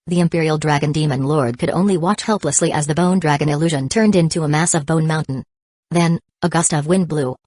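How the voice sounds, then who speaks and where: A woman narrating a fantasy novel audiobook in an even, unhurried reading. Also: low-pitched, no room sound. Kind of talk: scripted narration.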